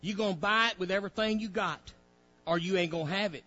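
A man's voice: sits high, fast, sharp tone, dull audio, soft background music. A male preacher, delivering a fiery sermon with folksy grammar, directing a reader and acting out pleading voices.

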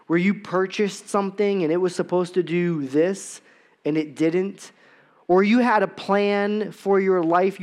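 A man preaching a sermon, opening with a personal story and moving into rhetorical questions for the congregation. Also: high voice. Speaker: pastor.

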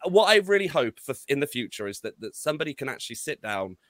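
A man's voice: medium pitch, big pitch swings, fast, a bit bright, no room sound. A man on a podcast, rambling and exasperated about a film, swearing often and restarting his sentences. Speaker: podcast co-host. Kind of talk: casual film review chat.

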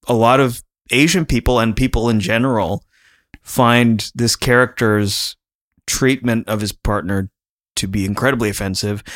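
A man's voice: lowish voice, a bit bright. A man co-hosting a casual podcast, talking in a chatty, rambling way and laughing often. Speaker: podcast co-host.

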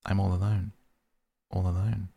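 A man's voice: low voice, flat delivery, moderate pace, creaky, mellow. A man voicing a mountain echo in an audiobook reading, repeating words as they fade. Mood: hollow. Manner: repeating, fading.

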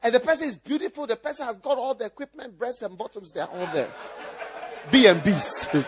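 A man preaching a sermon as pastor, teasing his listeners with repeated lines and breaking into shouts and laughter. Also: extremely high pitch.

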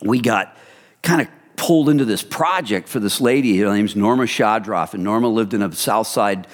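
A man preaching a sermon in a conversational, animated storytelling manner, often speaking directly to the congregation. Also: fairly low pitch, moderate pace. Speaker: pastor. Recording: long hall reverb.

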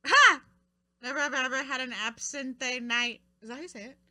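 A young woman co-hosting a podcast, bantering loudly and crudely with a friend. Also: high voice, fairly even intonation, fast, very noisy. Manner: loud, crude, laughing banter. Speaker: podcast co-host. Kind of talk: casual chat.

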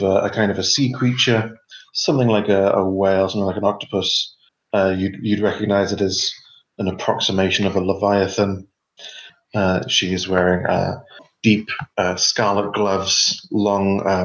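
A man narrating a tabletop game as game master, rambling with jokey asides, in an echoey, dull recording. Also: lowish voice. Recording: echoey, dull lo-fi room sound.

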